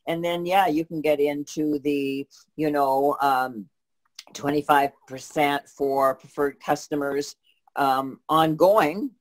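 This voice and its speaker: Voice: mid-range voice, steady tone, slow. A co-host answering questions in a casual chat, explaining steadily with frequent false starts and fillers. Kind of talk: casual conversational Q&A.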